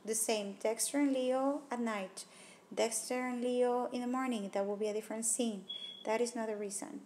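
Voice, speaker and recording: Talking at a normal speed in a steady, darkish, slightly high voice, a woman teacher walks through test-prep questions, weighing each answer choice aloud and crossing them off one by one. The tablet microphone picks up a little hiss or hum.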